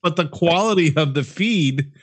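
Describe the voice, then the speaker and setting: A man's voice: on the high side, expressive, moderate pace, no room sound. A man co-hosting a podcast in casual chat, joking and teasing, often stumbling and restarting his sentences. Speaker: podcast co-host.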